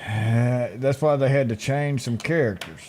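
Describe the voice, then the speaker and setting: A man's voice: medium pitch, moderate pace, darkish tone. A man co-hosting a casual talk show, agreeable and easygoing. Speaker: co-host. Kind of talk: casual radio chat.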